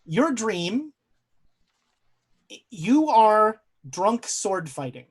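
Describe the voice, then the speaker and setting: A young man narrating a tabletop horror game as game master, telling eerie dream scenes with dramatic pauses and frequent hesitant fillers. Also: high-pitched, big pitch swings, husky.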